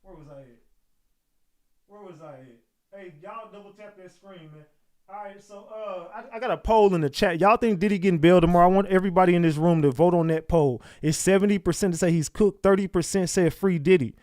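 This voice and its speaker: A man's voice: high-pitched, fairly quick, a little mellow, no echo. A man hosting a casual livestream, talking over gossip and firing rhetorical questions at viewers. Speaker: livestream host.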